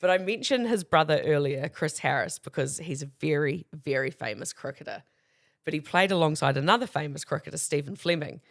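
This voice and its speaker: An animated woman in her thirties with a New Zealand accent, her pitch leaping up and down as she tells stories. She chats casually as a podcast co-host, acting out the other people in her stories and swearing freely. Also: fairly quick. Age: 30s. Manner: animated, swears, acts out quoted voices. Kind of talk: casual chat storytelling.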